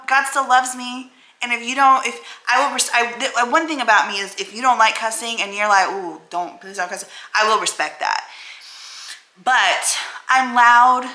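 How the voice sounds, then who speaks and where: Bright, blunt woman vlogger in an echoey room. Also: fairly high pitch. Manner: emotional, blunt and self-affirming, cusses freely. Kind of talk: candid talking-to-camera vlog.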